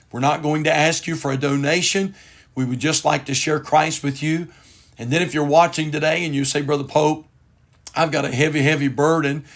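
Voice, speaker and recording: A man, a pastor hosting a broadcast, preaching in an earnest, repetitive way. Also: a little high. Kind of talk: devotional broadcast sermon.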